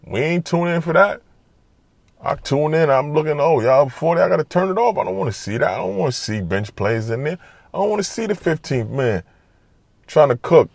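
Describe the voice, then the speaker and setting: Animated trash-talking New man. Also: a little high, fairly quick, vocal fry, dry recording. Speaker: basketball commentator. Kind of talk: casual sports talk monologue.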